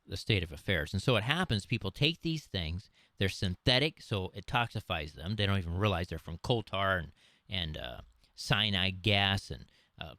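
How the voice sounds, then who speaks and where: A man giving an unscripted health webcast, talking emphatically and preachily, his voice jumping higher when he drives a point home. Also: fairly bright tone, no echo. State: dry throat. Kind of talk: unscripted webcast talk to camera.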